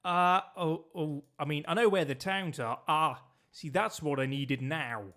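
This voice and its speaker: A man's voice: a little high, unhurried, bright, forceful tone. A man streaming a geography guessing game, chatting and joking with his viewers as he plays. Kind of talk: casual gameplay commentary.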